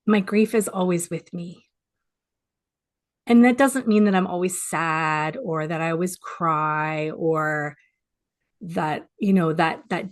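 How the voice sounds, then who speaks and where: Woman, forties, heartfelt personal sharing; soft, pausing delivery, close to tears, home video call. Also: fairly low pitch. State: teary. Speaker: support group speaker. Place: home office. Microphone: home office video call.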